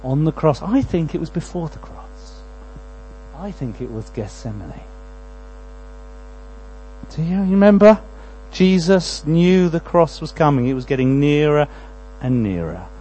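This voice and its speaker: A man preaching a sermon, moving between quiet prayerful lines and loud, pleading passages. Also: on the high side, big pitch swings, unhurried, muffled recording, a little hiss or hum.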